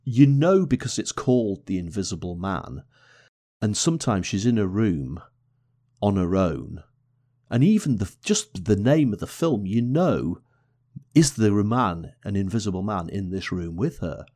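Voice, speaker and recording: Deep-voiced man reviewing a film. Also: big pitch swings, unhurried, mellow. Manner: enthusiastic, with repeated restarts. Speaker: podcast co-host. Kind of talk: casual film review chat.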